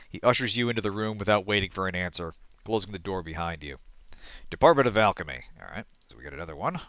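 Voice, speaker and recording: A man hosting a let's play, reading game text aloud and thinking out loud, often trailing off and correcting himself. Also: low-pitched, lively intonation, quick pace, dry recording.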